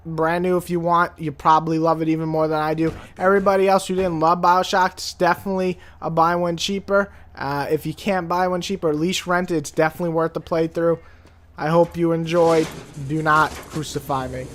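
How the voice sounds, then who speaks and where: A woman giving a casual game review, rambling and profane, joking around and breaking into sudden loud outbursts. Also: on the low side, steady tone, normal speed.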